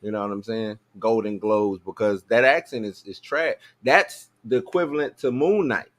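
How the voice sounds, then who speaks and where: A man's voice: fairly low pitch, moderate pace. Casual slang-heavy male podcast host. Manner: loose, joking, full of slang and filler. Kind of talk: casual chat.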